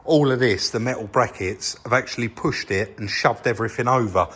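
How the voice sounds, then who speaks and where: A brisk, mid-range male voice with a fairly bright tone and a breathy edge belongs to an English man from England hosting a repair vlog. Indoors in his vehicle workshop, he chats casually, explaining while pointing things out.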